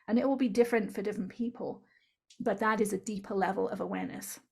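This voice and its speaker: A woman's voice: medium pitch, fairly even intonation, quick pace, gravelly, darkish tone, slightly rough. A woman guest in an interview, earnestly explaining her method and checking in with "right?" again and again. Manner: earnest, instructive, keeps adding "right?". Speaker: author and speaker, interview guest.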